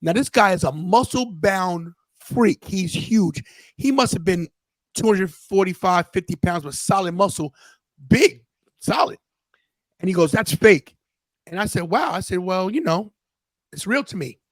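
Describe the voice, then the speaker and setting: A man's voice: high voice, lively intonation, moderate pace, no echo, poor audio. A man in his fifties hosting a podcast, telling a personal story in an earnest, casual way and often restarting his sentences. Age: 50s. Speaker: podcast host.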